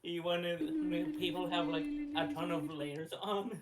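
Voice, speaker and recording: Hesitant slow-talking man player. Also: sits high, sing-song. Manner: halting, many fillers and restarts. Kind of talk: tabletop role-play.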